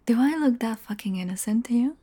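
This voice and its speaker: Young woman, audio role-play, teasing, swears a lot, half-whispered asides, slightly high voice. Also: expressive, fairly quick, dark tone. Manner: casual, teasing, swears freely, often drops to a whisper.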